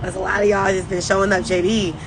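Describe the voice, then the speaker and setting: A woman in a casual livestream gives a rambling, emphatic, faith-driven pep talk to her sales team. Her voice sits at an ordinary middle pitch. A steady hum of background noise runs under the phone recording. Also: fast talker. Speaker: network marketing team leader.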